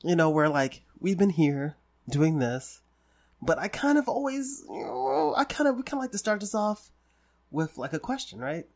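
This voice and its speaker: Tipsy, husky-voiced male podcast host. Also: high-pitched, very animated, moderate pace. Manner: loose, rambling and joking, tipsy. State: drunk. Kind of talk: casual chat.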